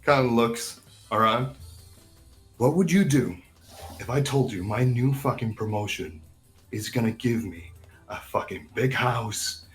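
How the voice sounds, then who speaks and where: A man's voice: mid-range voice, unhurried, pauses often, soft background music, natural voice. A man voicing a blunt, profane, ambitious male guard in a tabletop game, in his own everyday voice. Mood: gruff. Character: curt, foul-mouthed ambitious male guard.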